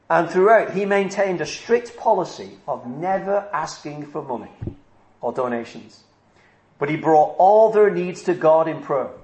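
Brief: emphatic male preacher, slightly high voice, roomy echo. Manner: earnest, emphatic, repeats key phrases. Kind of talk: sermon. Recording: echoey room.

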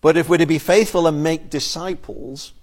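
Man, pastor, sermon, earnest, repeats words when starting phrases, slightly higher voice. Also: normal speed, darkish tone.

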